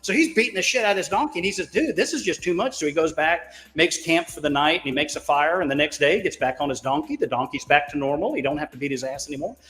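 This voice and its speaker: A man with a fairly high voice, telling stories in a loose, folksy way. He swears freely and pokes fun at himself. The voice trails off into a long reverb. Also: lively intonation, quick pace, hardly any pauses, fairly bright tone, soft background music. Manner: profane, folksy and self-mocking. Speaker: caller on a crypto talk show. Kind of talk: casual rambling storytelling.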